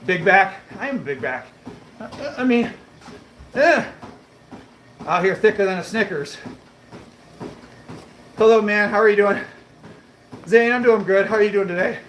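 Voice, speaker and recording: A man livestreaming while on a treadmill, chatting casually and answering viewer comments, a bit breathy as he talks between breaths. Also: high-pitched, lively intonation, a little slow, long pauses, fairly bright tone, echoey room, slight background noise, rough recording. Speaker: fitness livestreamer.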